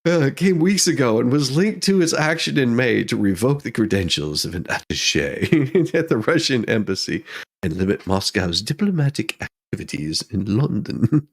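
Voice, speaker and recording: Male host of a joke news show who can't stop laughing while he reads; unhurried and animated. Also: mid-range voice. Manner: giggly, keeps breaking into laughter while reading. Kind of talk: comedic news commentary.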